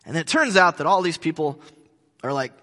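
A pastor preaching a sermon in a conversational way, with joking asides. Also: male voice, fairly high pitch, animated, moderate pace, bright, forceful tone, long reverb tail.

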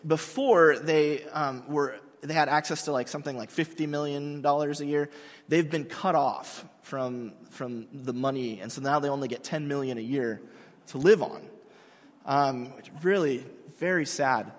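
A man's voice: fairly high pitch, steady tone, moderate pace. A man in his thirties, a pastor giving a sermon in a large hall, talking in a casual, self-mocking, conversational way.

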